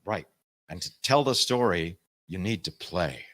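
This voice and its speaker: Low-voiced man giving panel advice. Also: measured pace. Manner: animated, uses music metaphors, self-interrupting. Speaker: audiobook narrator on a panel. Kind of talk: panel talk. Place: convention panel.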